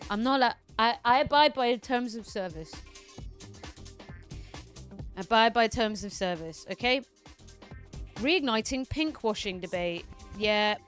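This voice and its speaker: A woman's voice: mid-range voice, takes it slowly, pauses often, fairly bright tone, soft background music. Fiery, foul-mouthed woman streamer. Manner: profane, heated, ranting. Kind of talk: casual political commentary stream.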